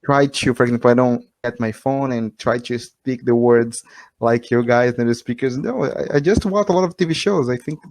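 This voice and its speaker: A man's voice: medium pitch, moderate pace, darkish tone, no room sound. A man, a Portuguese native, learning English and chatting hesitantly with a tutor on a video call, repeating words and laughing often. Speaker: English learner, channel host. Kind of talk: casual video-call chat.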